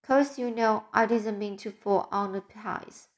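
A naughty little boy whines and pleads in a storybook reading, as a woman puts him on. His lines come slowly and carefully, with a steady middle pitch. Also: natural voice. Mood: wheedling. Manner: whiny, pleading. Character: mischievous whimpering little boy.

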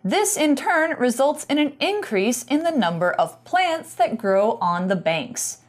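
A woman's voice: high voice, sing-song, unhurried. Woman patiently explaining English words. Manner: patient, explanatory, with casual fillers. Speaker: English teacher. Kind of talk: explaining vocabulary in a bilingual lesson.

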